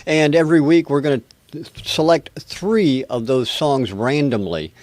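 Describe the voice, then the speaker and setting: A man's voice: a little high, unhurried, a little mellow, dry recording. Male host, American, casual and rambling, dry close sound. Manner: chatty, rambling, self-deprecating. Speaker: show host. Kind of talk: casual live webcast hosting.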